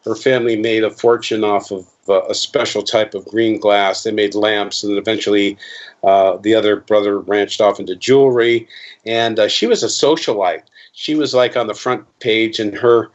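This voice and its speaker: Man, 50s, interview guest, rambling, self-correcting, animated storyteller, muffled lo-fi sound. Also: on the low side, moderate pace. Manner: rambling, with many restarts and fillers; animated, acting out quoted voices. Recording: dull lo-fi interview recording.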